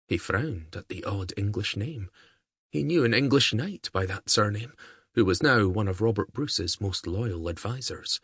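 A man narrating an audiobook in a calm, even storytelling manner. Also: fairly low pitch, measured pace, slightly rough, no echo, clean studio sound.

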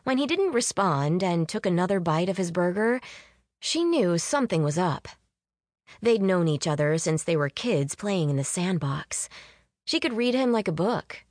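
Woman narrating a story in a low, dry voice. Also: no room sound. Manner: measured, even storytelling. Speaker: audiobook narrator. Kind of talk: scripted narration.

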